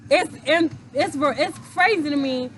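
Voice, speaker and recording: A woman co-hosting a podcast, talking bluntly in animated casual chat and swearing freely. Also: sits high, normal speed, a little hiss or hum. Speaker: podcast co-host.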